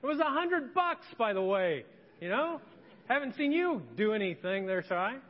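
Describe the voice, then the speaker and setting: A man preaching a sermon as a pastor, telling stories in an animated way. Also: very high voice, normal speed. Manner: animated storytelling. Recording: dull echoey church hall recording.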